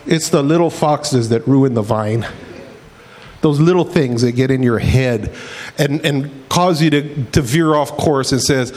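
A man's voice: medium pitch, normal speed. A pastor telling homespun stories in a casual, folksy sermon, acting out quotes and often saying "man". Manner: animated, acts out quotes in voices.

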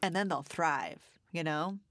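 Brief: woman podcast co-host, chatty storyteller, lower voice, dry recording. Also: a little slow, fairly bright tone, no echo. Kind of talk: casual chat.

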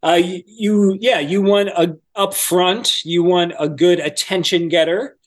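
A man's voice: sits high, steady tone, unhurried. Chatty man explaining voice-over coaching. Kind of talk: podcast interview answers.

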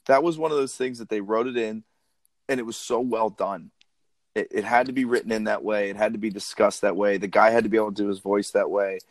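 A man co-hosting a casual chat, talking in a relaxed, laid-back way. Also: fairly low pitch, fast, no echo.

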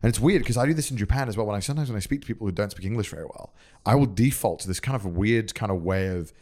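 A man's voice: on the low side, rapid-fire. A young man from Wales with a Welsh accent, chatting casually as a podcast guest, rambling with lots of fillers. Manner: rambling, filler-heavy, animated storytelling. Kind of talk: casual chat.

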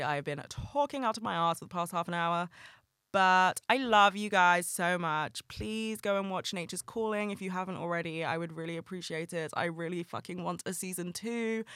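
Candid young man, bright and crisp. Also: on the high side, dry recording, studio quality. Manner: candid, earnest, swears casually. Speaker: podcast host. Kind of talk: solo podcast monologue.

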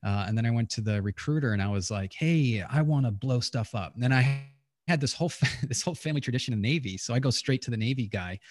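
A man's voice: mid-range voice, racing. A middle-aged man telling candid, profane stories in a casual interview, often restarting his sentences. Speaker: podcast guest, retired pilot.

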